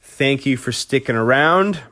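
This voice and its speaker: A man hosts his own storytelling podcast, rambling through a rock anecdote with plenty of "like" and "uh." His voice swings widely in pitch as he gets worked up, and he swears casually throughout. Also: measured pace. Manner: animated, profane, lots of fillers. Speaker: podcast host.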